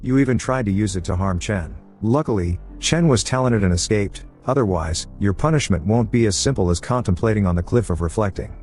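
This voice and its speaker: A man reading a story recap as narrator, voicing every character himself in a flat read-through. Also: lowish voice, a little fast, few pauses, faint music behind. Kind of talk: scripted recap narration, voicing all roles.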